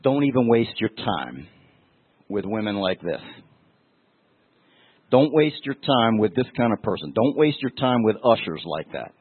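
A man with a lowish, husky voice preaches in a loose, conversational way, telling stories and talking straight to the congregation. The sound is tinny and narrow like a phone line, and the room adds no echo. His delivery is emotional and direct. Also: very animated, measured pace, pauses often. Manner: emotional, storytelling, addresses listeners directly. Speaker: pastor. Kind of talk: conversational sermon.

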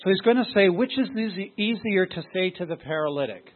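High-voiced husky preacher, tinny sound. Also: male voice, animated, brisk. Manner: asks the congregation rhetorical questions. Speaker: pastor. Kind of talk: sermon.

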